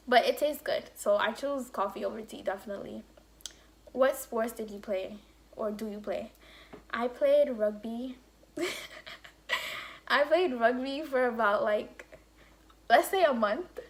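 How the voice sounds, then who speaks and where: A woman's voice: a little high, normal speed. A young woman vlogger telling a casual story, acting out quotes and saying "like" often. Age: young adult. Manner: animated storytelling with acted-out quotes and lots of "like". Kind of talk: casual story-time chat.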